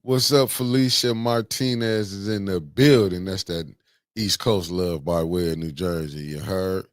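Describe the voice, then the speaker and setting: A man hosting a casual morning livestream, greeting viewers by name with slangy, animated banter. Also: sits low, a little slow, dry recording, studio quality. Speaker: livestream host.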